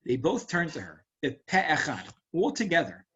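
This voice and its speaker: A man's voice: on the high side, moderate pace, hardly any pauses, slightly rough. A man teaching a Torah lesson as a rabbi, explaining verses in a casual, storytelling way with frequent asides. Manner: casual, animated storytelling with frequent "right?" and "you know".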